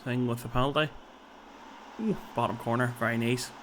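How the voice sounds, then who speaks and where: A man's voice: mid-range voice, fairly even intonation, brisk, fairly bright tone, slight background noise. Chatty gaming commentator man. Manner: chatty, thinks aloud, tags lines with "so it did" and "like". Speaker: video game player and commentator.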